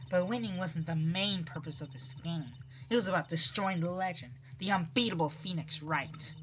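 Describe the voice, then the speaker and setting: A woman's voice: lowish voice, normal speed, fairly bright tone, lightly acted. A woman voicing a scheming female card dealer in a put-on Russian accent while playing a visual novel. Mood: smug. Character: sly scheming female card dealer, cocky con artist.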